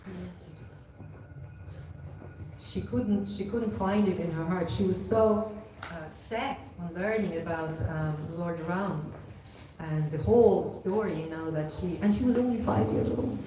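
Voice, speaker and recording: Relaxed female devotional storyteller, warm tone, roomy distant hall sound. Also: on the low side, unhurried, a little hiss or hum. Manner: casual, lots of "you know". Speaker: storyteller at a temple gathering. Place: temple hall. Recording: echoey hall from far off.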